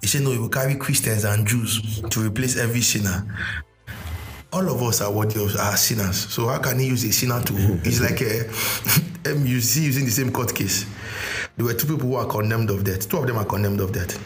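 A man's voice: mid-range voice, brisk. A man teaching a sermon, explaining with everyday stories and repeating key phrases. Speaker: preacher.

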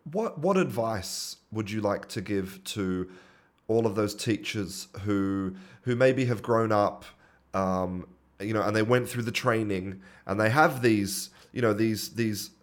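Low-voiced hesitant male interviewer. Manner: hesitant, searching for words. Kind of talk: conversational interview.

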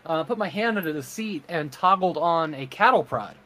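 A man's voice: a little high, expressive, normal speed, pushed and bright. A man talking in casual chat, earnest and rambling, with many fillers. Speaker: streamer and podcast co-host.

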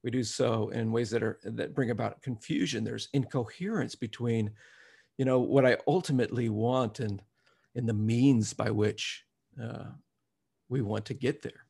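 Male preacher, deep gravelly fry, husky tone, sermon delivery. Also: normal speed, dark tone. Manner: reflective, rising to emphatic scripture reading.

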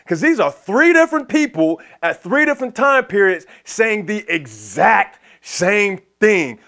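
A man with a high voice preaches to his church. He moves between slow, stretched-out lines and quick asides, acting out back-and-forth conversations with the Lord in an animated way. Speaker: pastor. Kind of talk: sermon.

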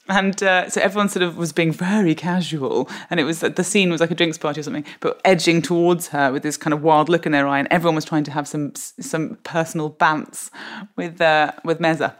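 A woman's voice: sits low, fairly quick. A woman, a podcast guest telling comic anecdotes with lots of laughter. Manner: animated comic storyteller, laughs often. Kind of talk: podcast interview.

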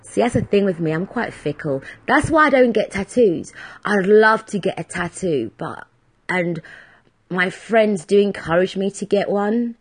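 A woman's voice: medium pitch, lively intonation, unhurried, breathy edge. A woman hosting a solo podcast, chatting in a rambling, self-deprecating way. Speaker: podcast host. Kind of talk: casual solo podcast chat.

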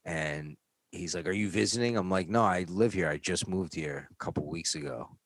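Low voiced guy from new york telling a story, acts out the yelling, dry close sound. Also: moderate pace, breathy edge, no echo. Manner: animated, acts out shouting cops. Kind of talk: casual storytelling chat.

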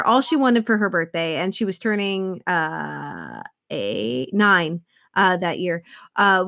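A woman's voice: mid-range voice, fairly bright tone, dry recording, studio quality. A middle-aged woman guest on a casual podcast, telling stories with animation and casual swearing.

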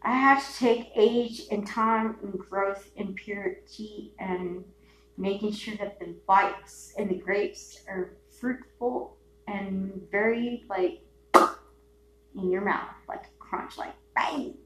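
A woman hosting a solo podcast, ranting in a rambling, profane way, dropping to mutters and then bursting into shouts. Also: mid-range voice, fairly even intonation, takes it slowly. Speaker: podcast host. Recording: echoey room with faint hum.

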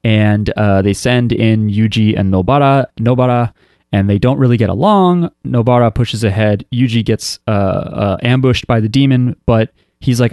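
A man's voice: on the low side, moderate pace, a little mellow, clean tone, no echo, studio quality. A man casually recapping an anime episode for a podcast, wry and loose, with lots of fillers and restarts. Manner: rambling, filler-heavy storytelling with frequent restarts. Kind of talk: casual chat.

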